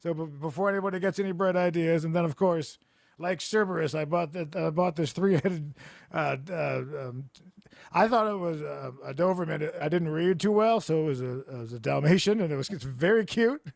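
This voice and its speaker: A man hosting a comedy podcast over a video call, telling rambling stories with deadpan absurd jokes. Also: on the high side, fairly quick, vocal fry, dry recording, clean studio sound. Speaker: podcast host. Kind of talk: casual comedic chat. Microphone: remote video call.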